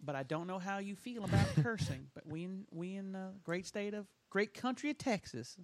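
A man's voice: high-pitched, animated, no echo. A man putting on a preachy Southern Baptist scold. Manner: slow, disapproving sermonizing.

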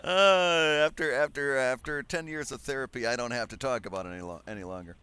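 A man's voice: medium pitch, fairly quick, a crowd in the background. A man co-hosting a casual podcast chat, self-deprecating and often stumbling over his words. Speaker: podcast co-host.

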